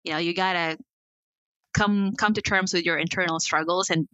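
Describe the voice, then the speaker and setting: A woman's voice: fairly low pitch, fairly even intonation, bright, forceful tone, smooth, dry recording, lo-fi sound. A woman guest speaking candidly in a casual podcast interview, full of asides and "like". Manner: candid, talks in quick asides with frequent "like" and laughs.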